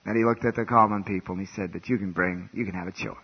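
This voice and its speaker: A male preacher delivering a revival sermon, swinging from hushed, quiet lines to loud, fervent outbursts. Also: low voice, fairly even intonation, quick pace, breathy edge. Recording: dull lo-fi recording.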